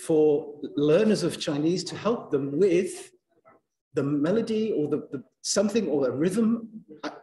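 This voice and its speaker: Man, teacher trainer, lecturing, fairly high voice, playful and animated, echoey lecture room. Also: measured pace. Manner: animated, playful, coaxes audience to join in.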